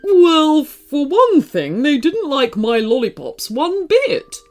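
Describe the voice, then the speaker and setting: A woman voicing a grumbly but polite old raven in a children's storybook, with a slow, grumbling manner and soft music behind. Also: high-pitched, very animated, voice pushed up, heavily acted. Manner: grumbling, snorting. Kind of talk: storybook voice acting.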